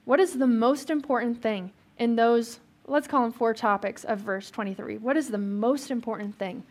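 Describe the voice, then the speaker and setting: A woman pastor delivers a sermon in a relaxed, conversational way. She asks her listeners questions and slips in small jokes. Her voice sits a little higher than most. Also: normal speed.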